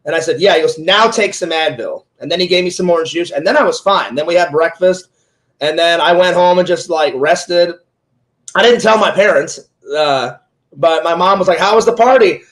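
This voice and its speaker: A man's voice: on the high side, moderate pace, fairly bright tone, low-quality recording. A man in his forties, an interviewer and streamer, telling a long casual story full of quoted back-and-forth. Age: 40s. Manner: rambling retelling full of "he goes" quotes.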